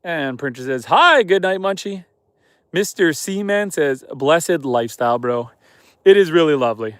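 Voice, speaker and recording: Man, from Canada, livestreaming outdoors at night, reading chat aloud, relaxed, slightly high voice, dry close phone sound. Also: moderate pace, clean tone, no room sound. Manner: reads viewer comments aloud and chats back, relaxed. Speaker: homesteader livestreaming. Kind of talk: casual live stream chat. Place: outdoors at night on a snowy homestead.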